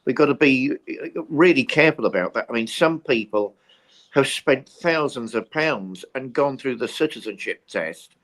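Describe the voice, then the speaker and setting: A man's voice: mid-range voice, animated, normal speed, a bit bright. A British man co-hosting a talk show, ranting passionately about politics. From Britain. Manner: impassioned, ranting. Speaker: co-host. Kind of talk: opinionated talk-show chat.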